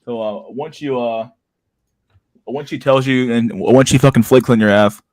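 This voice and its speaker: A man hosting a casual chat show, telling stories in an animated, profane way and acting out everyone's reactions. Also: medium pitch, moderate pace, no room sound. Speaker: podcast host.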